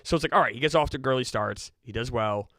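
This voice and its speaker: A man whose voice is shot and hoarse, hosting a sports betting show in casual, ribbing banter as he gives his pick of the day. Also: mid-range voice, animated, racing, a bit bright, no echo.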